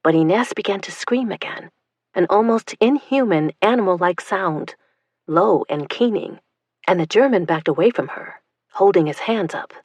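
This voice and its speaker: A woman narrating an audiobook in a tense, hushed storytelling manner. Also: mid-range voice, lively intonation, normal speed, no room sound, lo-fi sound.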